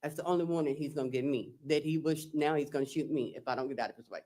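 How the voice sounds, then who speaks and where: On the stand as a defendant, a woman with a deep voice and dark tone reads text messages aloud. She goes slowly and haltingly in plain words, framing each exchange with "I said" and "he said."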